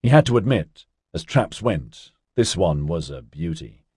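A man with a very deep, husky voice reads a science-fiction novel aloud, keeping an even storytelling pace. The sound is dry and close, with no room around it. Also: a little slow, no echo. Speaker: audiobook narrator. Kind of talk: scripted narration.

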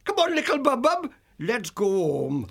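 A man's voice: very high-pitched, huge pitch swings, unhurried, creaky, heavily acted. An actor playing a lonely, talkative old male dormouse with rustic folksy speech in a storybook drama. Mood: chatty. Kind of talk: full-cast audiobook acting.

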